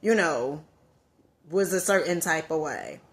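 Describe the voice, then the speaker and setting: A woman's voice: sits low, expressive, unhurried. A woman with a Southern accent giving an emphatic motivational talk to her viewers, repeating key phrases for effect. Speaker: motivational vlogger.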